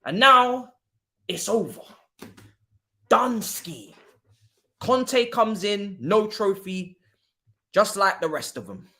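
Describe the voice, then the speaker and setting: A young man hosting a football watchalong live stream, mocking a rival club in casual banter that jumps between low mutters and loud outbursts. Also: expressive, slow, long pauses. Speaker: livestream football watchalong host.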